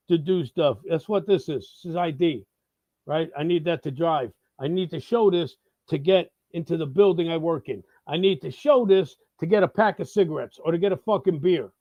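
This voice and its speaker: Guy with a high-ish voice ranting on his live show, cusses nonstop, sarcastic, dry dull audio. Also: normal speed, dry recording. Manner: profane, heated and sarcastic, swears constantly. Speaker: host of a live talk show. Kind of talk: ranting political monologue.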